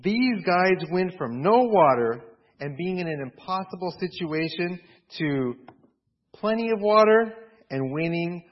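Pastor, male, high voice, lively and playful storytelling sermon, dull lo-fi recording. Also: unhurried. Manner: animated storytelling, playful asides.

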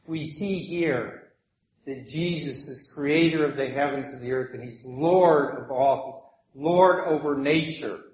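Slow, animated preacher man in an echoey room. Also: medium pitch. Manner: animated storytelling with acted voices. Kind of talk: sermon.

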